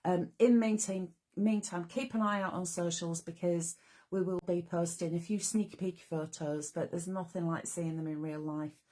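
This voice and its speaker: Croaky woman chatting live. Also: on the low side, fairly even intonation, moderate pace, dark tone. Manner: chatty, bubbly, talks straight to viewers. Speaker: craft show host. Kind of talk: casual live-stream chat. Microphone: camera or phone mic on a live stream.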